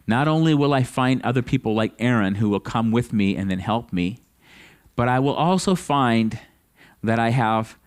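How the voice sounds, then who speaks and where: Guy pastor giving a sunday sermon, earnest, mid pitch, keeps restarting and pushing up on questions. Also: a little mellow. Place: church service.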